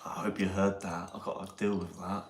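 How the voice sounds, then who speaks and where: Bantering English man, low and echoey. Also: flat delivery, a little fast, slight background noise. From England. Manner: banter and laughing. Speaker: live stream host. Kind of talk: casual live chat. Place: outdoors near Ely.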